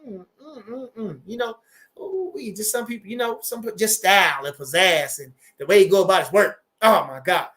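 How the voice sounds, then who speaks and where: A man, hosting a casual livestream and reading viewer comments aloud, animated and profane and repeating his phrases. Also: high voice, moderate pace. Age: 40s. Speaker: boxing trainer and livestream host.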